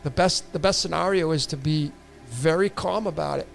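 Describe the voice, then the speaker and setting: Man, tarot livestream host, loose and rambling with restarts, higher voice. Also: moderate pace, creaky, faint music behind. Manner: rambling, repetitive restarts, casual swearing. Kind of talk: casual livestream reading.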